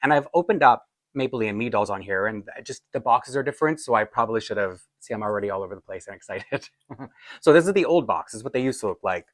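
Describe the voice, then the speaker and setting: A man chatting excitedly about his collection, rambling, laughing and correcting himself as he goes. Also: mid-range voice, no echo. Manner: rambling, laughs often, restarts and asides. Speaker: doll collector vlogger. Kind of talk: excited casual unboxing chat.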